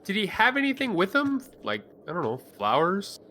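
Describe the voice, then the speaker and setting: A man's voice: sits high, wildly swooping pitch, moderate pace, pushed and bright, a little hiss or hum. A man playing his character at a tabletop game, hesitant and wry, with lots of fillers. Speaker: player.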